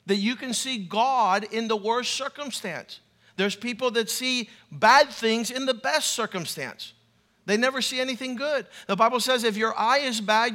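A man's voice: very high voice, bright, forceful tone. A man pastor preaching a sermon in an emphatic, humorous way.

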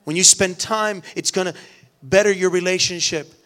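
A man's voice: high voice, fairly even intonation, normal speed, fairly bright tone. A middle-aged man preaching a sermon, earnest and storytelling, often repeating his words. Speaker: pastor.

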